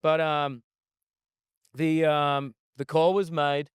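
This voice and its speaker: A man with a smooth, clear voice of middling pitch tells a rambling, profane story as a guest chef. The sound is close and dry, with no room around it. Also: level tone, slow pace, pauses often, no echo. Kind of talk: casual storytelling in an interview. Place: outdoor desert festival camp.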